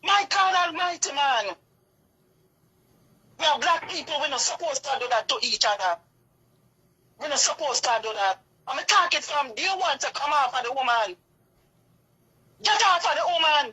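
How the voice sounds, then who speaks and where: A woman's voice: extremely high pitch, bright, forceful tone, low-quality recording. A woman with a Jamaican accent delivering an impassioned, repetitive rant in a video. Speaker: vlogger.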